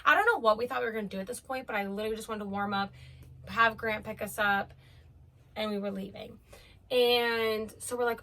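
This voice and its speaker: A young woman from Omaha tells a story to camera with a bright, fairly high voice. She speaks casually and swears freely. Her talk is full of "like" fillers. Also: moderate pace. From Omaha, United States. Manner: chatty and profane, with many "like" fillers. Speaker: vlogger.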